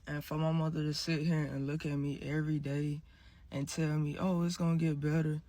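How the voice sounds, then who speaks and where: A man's voice: a little high, creaky, no echo. A man in his twenties ranting emphatically, speaking straight to his viewers. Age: 20s. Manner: emphatic, addresses viewers directly. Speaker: vlogger. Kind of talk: casual rant.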